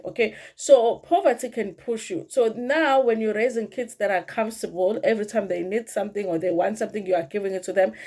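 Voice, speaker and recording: A middle-aged South African woman with a mid-range, somewhat dark voice recaps a reality show episode in a casual commentary vlog. She's chatty, calls her audience "you guys," and drops Zulu phrases into her talk.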